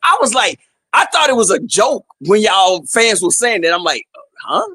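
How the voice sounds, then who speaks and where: A man, shouting and teasing in a boisterous sports chat. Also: sits high, big pitch swings, normal speed, slightly rough, no room sound. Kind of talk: loud trash-talking sports chat.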